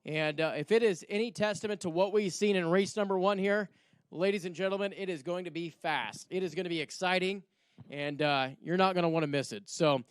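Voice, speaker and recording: A man announcing drag racing live at the track, excitable and folksy, quick with a joke. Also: sits high, clear, resonant tone, no room sound. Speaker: track announcer and assistant general manager. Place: outdoor drag strip. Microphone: hand-held announcer mic.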